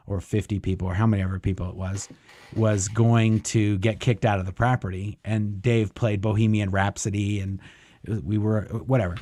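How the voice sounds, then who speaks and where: The voice is male, lowish and darkish, recorded dry. As a guest storyteller, he drifts through a long personal anecdote in a casual way, full of fillers and acting out the lines others spoke.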